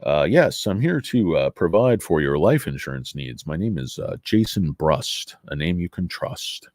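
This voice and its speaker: Guy doing a low raspy smoker salesman voice, slow gravelly pitch, dry sound. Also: sing-song, darkish tone, no echo. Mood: salesy. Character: raspy chain-smoking male insurance salesman.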